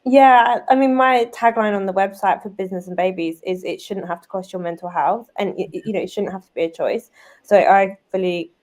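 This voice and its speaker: A British woman in her thirties, a guest and business owner, telling stories in a lively, chatty way full of "like" and "um". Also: mid-range voice, fairly quick. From United Kingdom. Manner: lively, chatty, many fillers like "like" and "um". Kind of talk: casual conversational storytelling.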